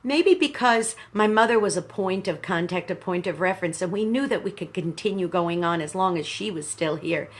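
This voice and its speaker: Speaking at a fairly low pitch, a woman in her sixties, the manager of a radio station, addresses her viewers live while in grief. She pauses and reflects as she goes, calling them "boys and girls."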